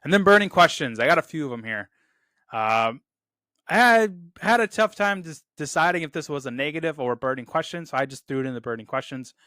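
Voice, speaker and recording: Casual male reviewer, smooth clear tone, eager and chatty, dry recording. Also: fairly high pitch, expressive, fairly quick, pushed and bright, no room sound. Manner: enthusiastic, repeats "really, really"; quotes lines in a loose put-on delivery. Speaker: film review host. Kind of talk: casual movie review talk.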